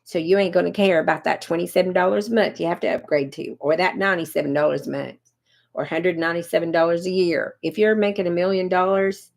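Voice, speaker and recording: A woman's voice: fairly low pitch, gravelly. A woman in her fifties chatting on a livestream, coaching viewers on online marketing and answering comments by name. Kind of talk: casual livestream pitch.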